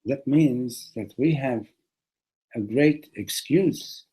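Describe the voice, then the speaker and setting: A man teaching a classroom lesson on a religious text, animated, often restarting and repeating words. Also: medium pitch, slow pace, slightly rough, poor audio.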